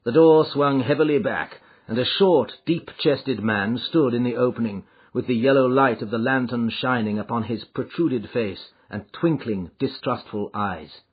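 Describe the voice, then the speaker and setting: A man narrating a classic detective audiobook in a measured, even storytelling manner. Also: medium pitch, slightly rough. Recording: slightly muffled lo-fi audio.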